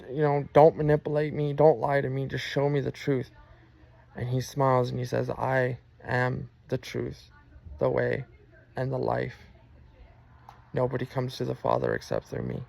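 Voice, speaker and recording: A man earnestly telling a personal religious testimony, halting often with fillers and restarts. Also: medium pitch, creaky, darkish tone.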